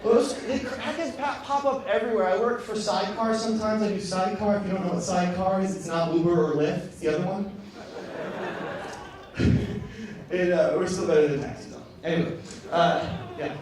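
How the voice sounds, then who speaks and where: A male stand-up comedian from Michigan, swinging between loud outbursts and soft mutters on a club stage. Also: high-pitched, a little fast, a crowd in the background. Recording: echoey club, far mic, background noise.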